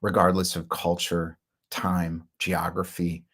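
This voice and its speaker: A man's voice: low voice, monotone, slow pace, vocal fry, a bit bright, husky. A middle-aged man telling his own business story in a rambling, candid monologue, with fillers and short laughs. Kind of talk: casual monologue.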